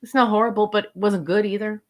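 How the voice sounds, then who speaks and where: A woman co-hosting a podcast, chatting casually through a review, halting with frequent fillers and restarts. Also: mid-range voice, steady tone, background noise. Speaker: podcast co-host. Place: lives in Canada.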